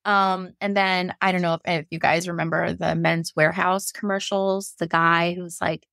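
A young woman with a low, gravelly voice tells her own story as a podcast guest. She talks candidly and animatedly, acting out the voices of others along the way. The sound is close and dry, with no room around it. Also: moderate pace, no echo. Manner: lively, quotes herself, frequent laughs.

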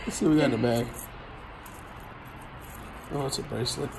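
A man's voice: mid-range voice, steady tone, brisk, vocal fry, darkish tone, a little hiss or hum. A man hosting a casual vlog as he goes through storage unit finds, talking in a joking, teasing way. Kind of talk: casual chat.

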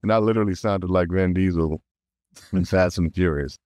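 A man guesting on an interview, telling stories in a lively way, often laughing and acting out quotes. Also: sits low, normal speed, no echo, studio quality. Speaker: voice actor guest. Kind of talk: casual interview storytelling.

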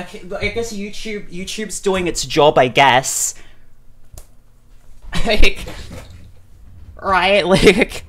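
A streamer reacting live, overwhelmed and close to tears, stammering and repeating words, swearing excitedly. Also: medium pitch.

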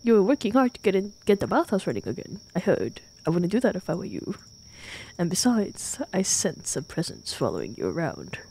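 A woman voicing a greedy, smiling male temple priest in a game stream, speaking in a smooth, sly and ominous way. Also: fairly low pitch, wildly swooping pitch, fairly quick, dark tone, slight background noise, pitched below the performer's own voice.

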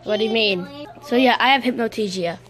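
A woman voicing a dramatic, excitable young princess who bursts out shrilly and rambles to herself. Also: a little high, a little fast, natural voice.

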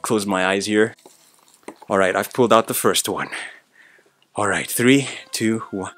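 A man hosting an unboxing video, talking viewers through each piece with fillers and sudden shouts of excitement. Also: fairly low pitch, slow, pauses often, soft background music. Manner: many fillers, addresses viewers.

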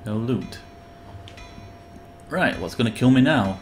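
A man's voice: mid-range voice, expressive, slow pace, a little hiss or hum. A young man commentating his own game live, sarcastic and swearing, yelping when startled. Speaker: gamer playing live.

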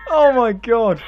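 A man, excitably narrating gameplay and laughing constantly between exclamations and swearing. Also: very high voice, muffled recording, noisy background. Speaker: gaming video host. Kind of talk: excitable live gameplay chat.

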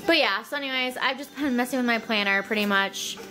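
A sick woman rambles casually at home, her voice sitting a little high for a woman. She talks in a chatty, filler-heavy way. Music plays clearly behind her. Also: fast. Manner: turns high and singsong when talking to her toddler. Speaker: vlogger. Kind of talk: casual home vlog chat.

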